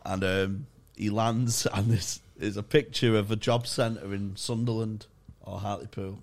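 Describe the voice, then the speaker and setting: A man's voice: lowish voice, fairly even intonation, creaky. Young man, comedy podcast co-host, sweary anecdotes broken up by laughs. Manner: sweary and laughing, rapid bursts. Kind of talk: casual chat, comic storytelling.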